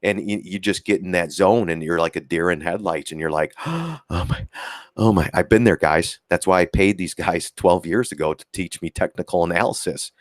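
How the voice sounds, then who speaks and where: Rambling low-voiced man hosting a livestream. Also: a little fast, hardly any pauses, no room sound, studio quality. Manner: rambling, full of filler words and repeats; acts out quoted voices, chuckles often. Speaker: stock trading livestream host. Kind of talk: casual livestream chat.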